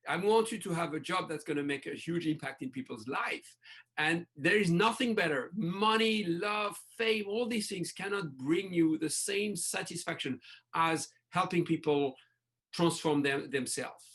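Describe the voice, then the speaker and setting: High, gravelly man speaking passionately. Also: unhurried, fairly bright tone. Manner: passionate, restarts phrases, speaks in bursts. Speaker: breathwork coach, podcast guest. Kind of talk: enthusiastic interview talk.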